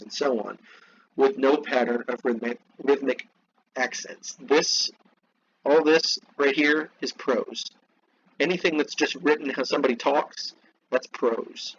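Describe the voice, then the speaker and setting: A man teaching a literature class, reading from a text and breaking off into slow, repeated explanations and asides to his students. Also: mid-range voice, lo-fi sound, slight background noise. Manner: slows down to spell out terms, asides to students.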